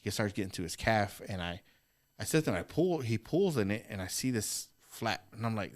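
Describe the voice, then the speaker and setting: Speaking a little fast in a lowish voice, a man co-hosting a podcast recounts a story casually. He's animated, voicing the quotes himself and swearing a great deal.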